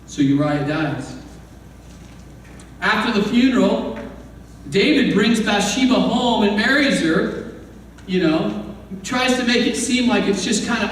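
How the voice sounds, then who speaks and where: Preaching from a church sanctuary, a pastor narrates conversationally with asides, acting out the voices he quotes. He has a high, slightly bright voice with lively intonation, speaking unhurriedly and pausing often; the recording is echoey and distant, with faint room noise.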